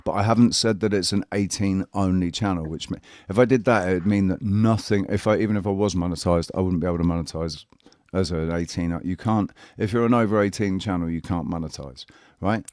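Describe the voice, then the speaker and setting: A man's voice: low-pitched, fairly quick, a little mellow, no echo. A man hosting a casual online panel who speaks earnestly and lectures his guest, with many restarts. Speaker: channel host. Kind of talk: casual chat.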